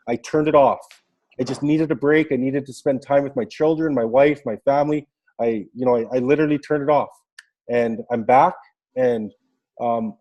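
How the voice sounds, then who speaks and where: A man's voice: mid-range voice, warm tone, dull audio. A man on a group video call sharing a heartfelt, fervent motivational testimony, repeating "like" often and getting choked up. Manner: fervent, gets choked up, heavy use of "like". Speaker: team member sharing wins on a group call.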